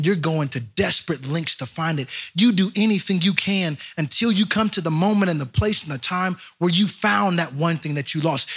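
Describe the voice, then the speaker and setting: A young man, a pastor, preaching a lively storytelling sermon straight to his congregation. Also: fairly high pitch, husky. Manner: animated, speaks straight to the congregation.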